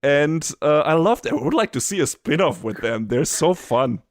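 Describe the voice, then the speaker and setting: Excitable man gushing, raised voice. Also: on the high side, moderate pace, dry recording, studio quality. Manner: enthusiastic, swears often, laughs. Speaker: podcast co-host. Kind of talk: casual anime review chat.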